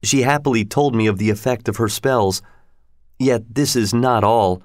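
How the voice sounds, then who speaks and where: A man reading a storybook aloud in a measured, even way. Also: mid-range voice, no room sound, studio quality.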